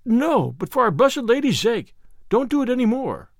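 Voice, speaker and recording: Scared young page boy, old-timey talk, high and jumpy, man putting it on. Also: very animated, normal speed, vocal fry, no echo, clean studio sound, exaggerated voice. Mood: frightened. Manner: archaic, pleading speech. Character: timid young male page boy, fearful.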